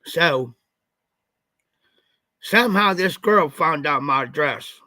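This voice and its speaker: Man, livestream host, casual rambling storyteller, slightly congested, bright tense tone, fairly high voice. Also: lively intonation, slow, no echo. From Ohio. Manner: rambling, repeats "I said" often. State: slightly stuffed up after the flu.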